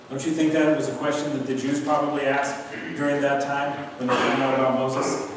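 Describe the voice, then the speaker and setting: A man's voice: mid-range voice, fairly even intonation, fairly quick, slight background noise. A man preaching an earnest, emphatic sermon as pastor in a church sanctuary, building his points through repetition. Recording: echoey church hall from far off.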